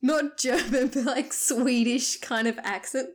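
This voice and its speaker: Woman podcast co-host, high voice, slow unhurried talk, giggly, teasing. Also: fairly even intonation. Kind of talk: casual chat.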